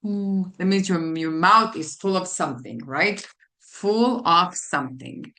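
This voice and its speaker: A woman tutor teaching a phonics lesson to children, spelling out letters and repeating each word slowly. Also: lowish voice, sharp tone. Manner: slow, deliberate, spelling out letters and repeating words. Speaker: literacy tutor.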